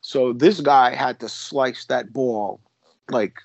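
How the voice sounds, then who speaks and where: A man's voice: medium pitch, takes it slowly, gravelly, a little mellow, no echo, muffled recording. Man, former police officer, casual storytelling, restarts, quotes people, dry close sound. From United States. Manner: rambling, many restarts, acts out quotes.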